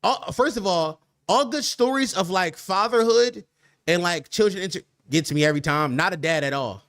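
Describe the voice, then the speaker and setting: A man's voice: sits high, normal speed, fairly bright tone, no echo, studio quality. Slangy young man chatting on stream. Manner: loose slangy banter, trailing off into laughs. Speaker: podcast host reacting to live chat. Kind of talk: casual livestream chat.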